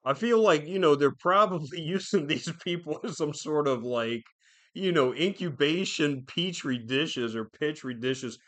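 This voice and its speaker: Unhurried and a little bright, this man's voice leans high. Alone on his podcast, he rambles casually, swearing nonstop and dropping fillers everywhere.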